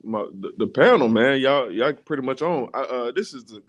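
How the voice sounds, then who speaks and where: A man co-hosting a podcast, laying out his reasoning in a measured way with frequent fillers. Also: mid-range voice, animated. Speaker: podcast co-host. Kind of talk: casual chat.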